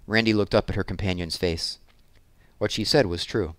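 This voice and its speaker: A man narrating a children's novel in a measured, expressive storybook style. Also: low voice, no room sound. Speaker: audiobook narrator.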